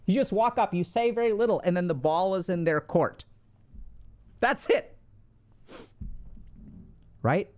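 Brief: young man, fairly high voice, podcast host, loose advice chat, acts out little quoted lines. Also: a little slow, pauses often. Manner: animated, chatty, lots of fillers, acts out quoted lines. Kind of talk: casual advice talk.

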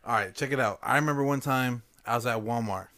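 A man's voice: mid-range voice, fast. Profane young man telling stories. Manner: profane, animated storyteller. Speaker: podcast co-host. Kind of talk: casual chat, storytelling.

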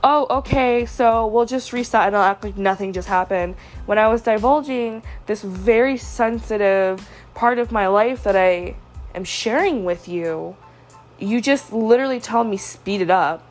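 A woman's voice: fairly high pitch, moderate pace, soft background music. A young woman hosting a podcast, confiding a personal story in a hurt, frustrated way. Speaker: podcast host. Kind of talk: personal venting monologue.

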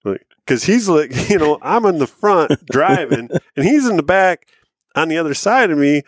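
A man's voice: fairly high pitch, lively intonation, moderate pace, no room sound, studio quality. A man in his thirties, a podcast co-host telling a rambling, profane hunting-and-fishing story with laughs along the way. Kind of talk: casual storytelling.

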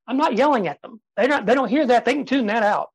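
Man, 50s, podcast guest, emphatic and lively, leans on pauses and quiet drops; dry close sound. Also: extremely high pitch, husky, no room sound, poor audio. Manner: energetic, emphatic, uses dramatic pauses and soft drops. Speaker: guest speaker and sales trainer. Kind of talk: podcast interview.

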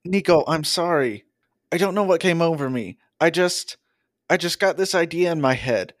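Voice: medium pitch, animated, moderate pace, close to an everyday voice. Will, reader voicing a guilty teen boy. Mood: remorseful. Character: anxious teenage boy demigod, guilty and apologetic. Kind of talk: reading a novel aloud in parts.

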